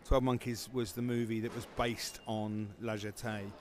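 A man's voice: fairly low pitch, flat delivery, moderate pace. Man, film festival founder, rambling, lots of fillers, faint noise behind. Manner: rambling, many fillers and restarts. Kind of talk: casual interview answers.

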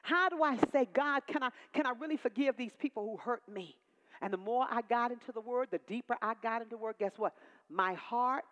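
A woman in her sixties from Texas, preaching a personal testimony with call-and-response emphasis. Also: a little high. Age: 60s. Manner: call-and-response preaching, rising to emphatic peaks then dropping soft. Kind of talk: testimony sermon. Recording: long hall reverb.

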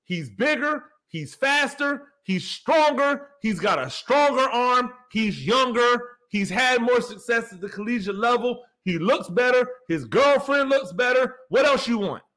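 Heated high-voiced man ranting. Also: expressive, a little slow, few pauses, bright, forceful tone. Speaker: podcast host. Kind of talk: solo sports commentary rant.

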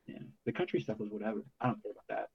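A man's voice: on the low side, rapid-fire, highs cut off, a little hiss or hum. A man co-hosting a casual music podcast, laid-back and rambling with lots of filler words. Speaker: podcast co-host. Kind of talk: casual chat.

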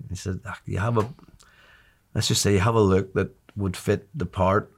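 A man's voice: deep voice, fairly even intonation, moderate pace, slight background noise. A man in his sixties telling a long anecdote in a chatty way, laughing and often restarting his sentences. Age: 60s. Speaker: interview guest. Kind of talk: casual storytelling.

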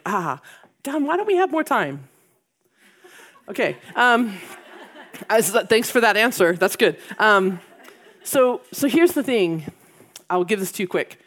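Woman, middle-aged, gravelly, chatty talk to moms, self-deprecating humor. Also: mid-range voice. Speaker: speaker at a women's gathering.

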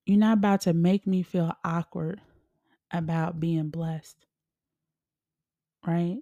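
Woman medium hosting her own podcast: mellow, low-set voice, casual and encouraging, dry close mic. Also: slow, long pauses, no echo, muffled recording. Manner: relaxed, chatty, with laughs and loose colloquial phrasing. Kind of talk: casual motivational talk.

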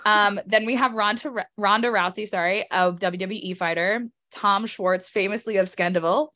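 A young woman in a middle register, chatting as a podcast co-host. She talks in a lively, joking way and drops quick asides as she goes. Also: medium pitch. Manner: lively, jokey, runs through lists with asides. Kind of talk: casual chat.

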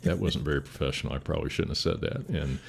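An older man, a fire chief, telling stories in a calm, steady, rambling way with many restarts. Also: a bass voice, fast talker, creaky, breathy edge. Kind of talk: casual interview storytelling.

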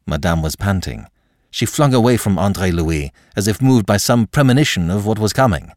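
A man reads a classic novel aloud with dramatic, expressive delivery. His voice is very deep and moves widely in pitch. The sound is dry and close to the mic. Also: moderate pace, dry recording. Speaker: audiobook narrator. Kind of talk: scripted narration of a classic novel.

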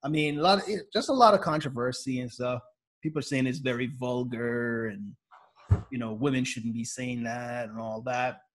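A man's voice: medium pitch, moderate pace. A man hosting a podcast in laid-back casual chat, filling his talk with "like" and "you know" and laughing often. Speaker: podcast host.

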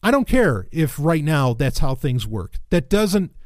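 A man's voice: a little high, very animated, measured pace, a little mellow, dry recording, studio quality. A man giving a casual, sardonic commentary monologue, rambling with restarts and swearing, then flaring into exasperated rants. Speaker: commentator reacting to a blog post.

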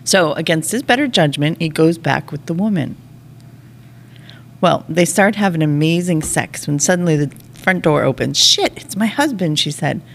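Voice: medium pitch, moderate pace, vocal fry. A speaker in casual chat, reading a long joke aloud and voicing its characters.

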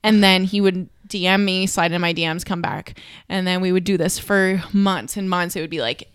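A woman's voice: lowish voice, steady tone, moderate pace, clean tone, dry recording, studio quality. A young woman in casual chat, candidly telling a personal story, swearing freely and saying "like" a lot.

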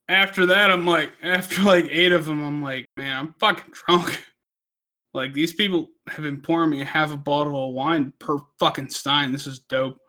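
Bright-voiced drunk storyteller man. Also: fairly high pitch. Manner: profane, rambling, laughs through his own story. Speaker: podcast co-host.

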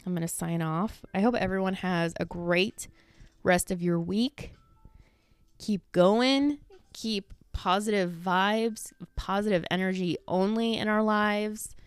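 Woman podcast host, casual rambling talk, smooth lowish voice, dry close sound. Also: no echo. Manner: rambling, filler-heavy, swears casually. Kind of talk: casual solo chat. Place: at home.

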